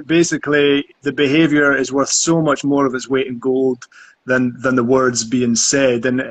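A man's voice: medium pitch, fairly bright tone. A man in casual conversation who talks earnestly about acting and often repeats words while he thinks.

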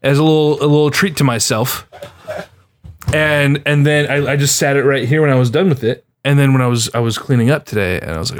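A man's voice: medium pitch, brisk. A young man hosting a casual podcast, laid-back, laughing often and swearing offhandedly. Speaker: podcast host.

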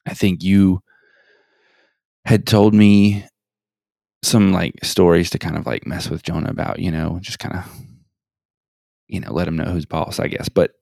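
A young man co-hosting a podcast in casual chat, speaking in a halting, self-conscious way with many restarts. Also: deep voice, flat delivery, vocal fry, warm tone, no echo, studio quality. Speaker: podcast co-host.

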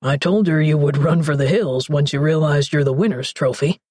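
A woman narrator voicing a jovial middle-aged man, a future stepfather, in a lowered, husky voice. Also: fairly even intonation, moderate pace, a little mellow, dry recording, clean studio sound. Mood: gentle. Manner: fake British accent, kindly.

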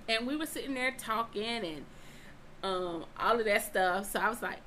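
A woman telling a story in a casual chat, acting out each voice as she goes. Her pitch swings freely. A faint hiss sits under her voice. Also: unhurried, rough recording. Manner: animated, acts out both sides of dialogue.

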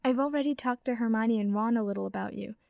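A woman's voice: on the high side, quick pace, creaky, darkish tone, dry recording, clean studio sound. Harry, an earnest young wizard, read by a woman. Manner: sincere, pleading. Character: earnest young wizard man, open and affectionate.

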